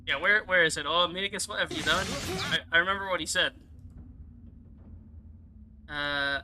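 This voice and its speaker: Excitable young American gamer, bright piercing tone, rambling casual commentary. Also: male voice, fairly high pitch, normal speed, long pauses, slight background noise, poor audio. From United States. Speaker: let's play YouTuber.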